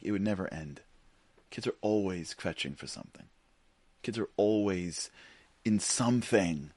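A middle-aged man gives a sermon as a Jewish teacher, telling stories in an animated way and briefly acting out the people in them. His voice sits low but swings widely up and down in pitch. The sound is dry and close, with no room echo. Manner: animated storytelling, acts out voices.

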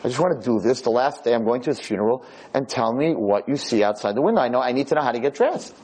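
A man voicing an elderly blind nursing home resident who speaks in a pleading, heartfelt, insistent way, with a husky voice. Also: mid-range voice, expressive, fast talker, a little mellow, poor audio. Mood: urgent.

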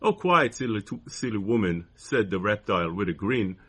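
A man's voice: lowish voice, lively intonation, normal speed, fairly bright tone, breathy edge. A man reading as a sly, pleading snake. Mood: mocking. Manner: sing-song repeated plea. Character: sly, pleading male snake turned mocking. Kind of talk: reading a poem aloud.

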